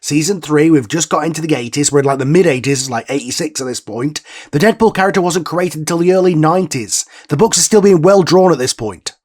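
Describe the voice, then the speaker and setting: A man's voice: fairly high pitch, brisk, hardly any pauses. A man playing himself as the show's writer in a scripted comedy sketch, weary, exasperated and matter-of-fact. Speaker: writer and creator of the show.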